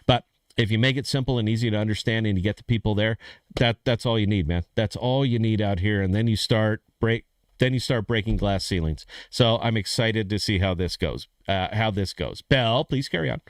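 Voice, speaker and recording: A man's voice: on the low side, a little fast, dry recording, studio quality. A man hosting a casual live stream from in front of a green screen, rambling and repeating himself, calling people "dude" and "man". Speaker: podcast host.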